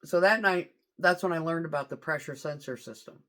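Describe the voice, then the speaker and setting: A woman's voice: low-pitched, fairly quick, a bit bright. A woman truck driver telling a story in a casual vlog, swearing freely and talking animatedly.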